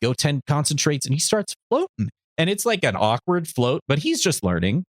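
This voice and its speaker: A young man co-hosting a podcast, recapping a cartoon in playful, animated chat. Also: on the high side, normal speed, no echo, clean studio sound. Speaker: podcast co-host.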